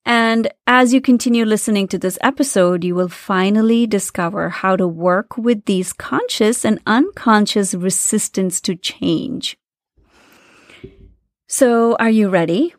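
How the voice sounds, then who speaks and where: A woman's voice: medium pitch, unhurried, dry recording, studio quality. A woman hosting a self-help podcast, talking directly to listeners in an earnest, coaching way. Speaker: podcast host.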